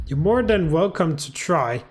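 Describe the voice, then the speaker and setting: Creepy possessive spirit lady, man doing it, slow n threatening, swoopy voice. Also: a little high, lively intonation. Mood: menacing. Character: menacing possessive female dream spirit. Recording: faint music behind.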